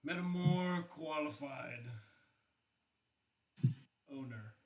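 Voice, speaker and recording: A man voicing a hunched, spear-carrying male warrior who speaks in short, flat statements. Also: a little high, drawn-out words, roomy sound, noisy background. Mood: terse.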